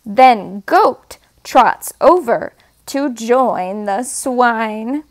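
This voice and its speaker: A woman reading picture books aloud to toddlers in a slow, sing-song way, making animal sounds and asking them to point. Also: a little high, lively intonation. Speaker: storyteller.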